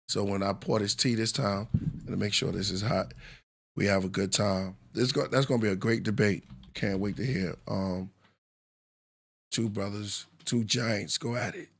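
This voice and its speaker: A man's voice: fairly low pitch, creaky, a bit bright. A man hosting a live podcast with a New York accent, talking in a loose, reflective way with many fillers. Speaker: podcast host. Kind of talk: casual live podcast talk.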